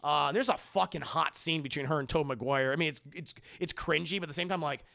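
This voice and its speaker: Gravelly, bright-voiced man chatting to his stream. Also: fairly high pitch, fast talker. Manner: animated retelling, acting out scenes with laughs and swearing. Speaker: streamer reviewing a film. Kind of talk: casual live-stream commentary to chat.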